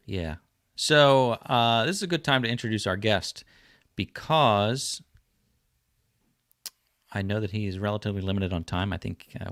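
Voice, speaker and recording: A man's voice: low voice, fairly bright tone, dry recording, studio quality. A man from New Jersey hosting a casual livestream, chatting loosely with lots of fillers. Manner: rambling, friendly, lots of fillers. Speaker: livestream host.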